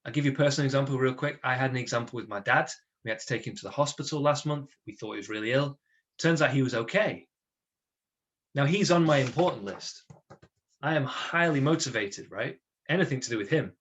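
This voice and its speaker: Guy running a motivation webinar, mid pitch, chatty, keeps asking right? okay?. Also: fairly quick, lo-fi sound. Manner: energetic, chatty, checks in with listeners with tag questions. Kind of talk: lively talk to an online audience.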